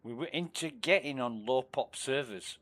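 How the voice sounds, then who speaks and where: Guy streaming a game, rambly and sweary, mid pitch voice, mumbles a lot. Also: normal speed, a bit bright. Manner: rambling, profane storytelling, often mumbled and low. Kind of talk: casual livestream chat.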